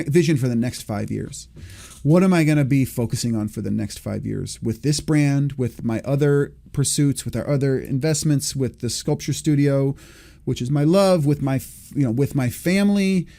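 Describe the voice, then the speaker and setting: Male podcast host, 40s, slightly high, mellow voice, rambling reflective delivery. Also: gravelly. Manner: rambling, self-correcting, thinking aloud. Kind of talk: reflective solo podcast talk.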